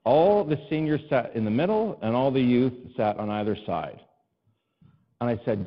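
A male pastor telling a personal story in a sermon, animated and self-deprecating, rising to exasperated cries to God. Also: mid-range voice, moderate pace, in a large hall, highs cut off.

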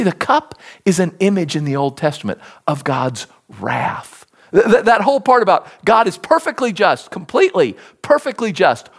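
Animated, emphatic male preacher. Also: a little high. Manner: animated and emphatic, repeating key words. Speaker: pastor. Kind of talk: sermon.

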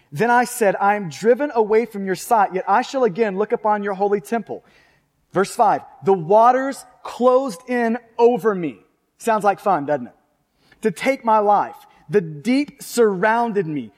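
Male pastor, fervent sermon delivery, high voice, long reverb. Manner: fervent preaching, reads scripture aloud, asks the congregation questions.

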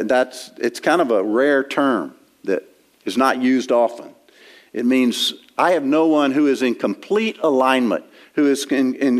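A man preaching an expository sermon in a church, talking in a conversational way with frequent restarts while he quotes and explains scripture. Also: mid-range voice. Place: church sanctuary.

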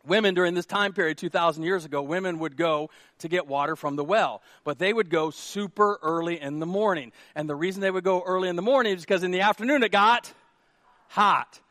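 A male pastor preaching a sermon in an animated, joking way, shouting at times for emphasis. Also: high voice, fairly quick, no echo.

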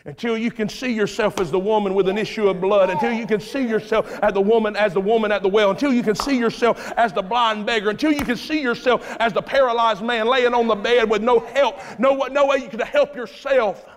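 A male preacher delivering a dramatic sermon, swinging between hushed storytelling and loud shouts, recorded in a church sanctuary. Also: high voice, fairly quick, few pauses. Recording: reverberant church hall.

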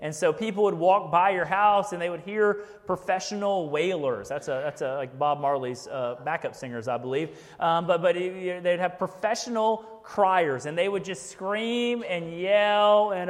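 A man preaching in a relaxed, chatty way, tossing in jokes and a frequent "right?". His voice sits a bit high for a man. The sound carries the long reverb of a big church sanctuary. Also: moderate pace, few pauses. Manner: conversational, keeps asking "right?", jokes. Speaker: pastor. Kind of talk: sermon.

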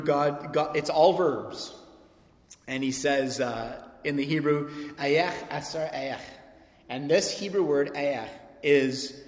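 Pastor, male, emphatic sermon delivery, slightly high voice, recorded in a reverberant church hall. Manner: animated, emphatic preaching with sudden loud peaks and soft drops. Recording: echoey hall sound.

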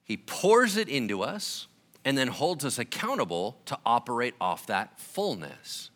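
Male pastor, casual slangy preaching, lively swooping delivery, bright forceful tone. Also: medium pitch, a little slow. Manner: animated, conversational preaching with slang. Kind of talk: sermon.

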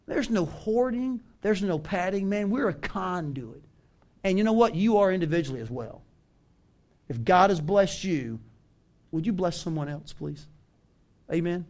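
Calling for responses from his congregation, a Southern pastor preaches with animation and emphasis. His voice sits high, and his accent marks him as from the American South.

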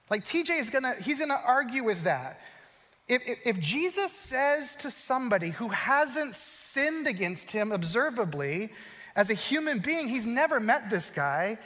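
A man delivering a sermon with a high-pitched voice that carries a long hall reverb. He shifts from quick, raised storytelling to slow, quiet stretches that drop almost to a hush, leaning on repetition for weight. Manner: swings from loud, quick storytelling to slow, hushed emphasis. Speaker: pastor.

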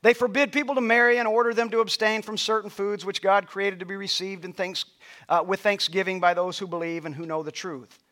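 A man pastor preaching a sermon, leading the congregation in call-and-response and at times shouting. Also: high-pitched, steady tone, fairly quick. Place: church sanctuary.

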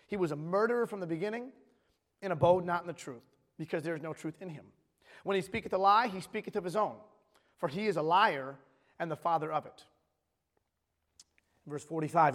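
High-voiced pastor preaching in a hall. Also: male voice, a little fast. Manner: emphatic, restarts phrases, reads scripture aloud. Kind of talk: sermon.

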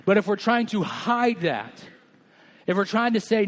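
A man's voice: high voice, normal speed. A male senior pastor in his thirties preaching a candid, conversational sermon in a church, open about his own failings. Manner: candid, conversational, self-deprecating.

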